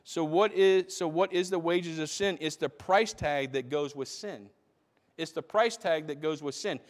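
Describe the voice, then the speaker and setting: Emphatic pastor preaching, higher-pitched man. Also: unhurried. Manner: emphatic preaching, repeats phrases for stress. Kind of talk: sermon. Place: church.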